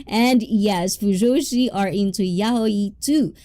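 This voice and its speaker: A woman's voice: medium pitch, slow pace, dark tone. A young woman hosting a casual livestream, chatting, laughing often and reading viewers' comments aloud. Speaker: livestream host reading chat.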